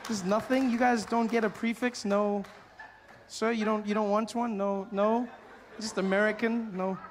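Man, stand-up comedy, playful riffing, high voice, noisy clip. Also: level tone, normal speed.

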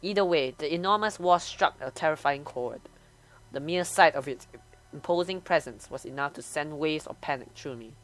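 A woman's voice: deep voice, normal speed. A woman hosting a gaming channel, reading a visual novel aloud and voicing every character herself.

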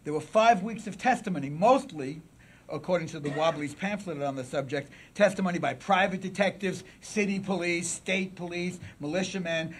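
A man giving a public lecture at a symposium, with dramatic swings from loud declaiming to a near-whisper, and asides to the audience. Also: on the high side, lively intonation, brisk, slight background noise. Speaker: symposium speaker.

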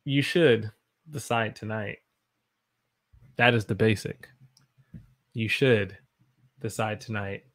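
A man's voice: on the low side, takes it slowly, pauses often, a bit bright. A man from the South, teaching English on a live stream and reading out chat comments in an upbeat, playful way. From Southern United States. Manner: upbeat, reads chat aloud, playful voices.

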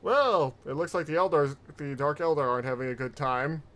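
A man's voice: on the high side, brisk, fairly bright tone, slight background noise. A young man hosting a casual VTuber reaction stream, chatty, with short reactions.

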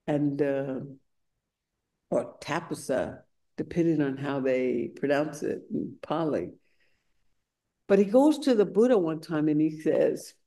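Slow, mellow-voiced woman teaching meditation. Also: sits low. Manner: conversational, searching, repeats phrases while reading from scripture. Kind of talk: dharma talk. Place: retreat center meditation hall.

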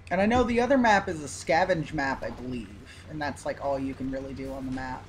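A man's voice: medium pitch, brisk, rough recording. A man giving casual, rambling gameplay commentary as a gaming YouTuber, easygoing and full of filler. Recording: loud game engine noise behind. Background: truck engine and game sounds.

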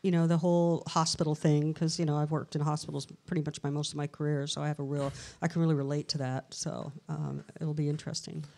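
Middle-aged woman guest, lower voice, animated anecdotal storyteller. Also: quick pace, vocal fry, few pauses. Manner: chatty, tells anecdotes with lively quoted dialogue. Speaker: paranormal researcher and guest. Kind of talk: casual live interview storytelling. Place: historic castle hotel event room.

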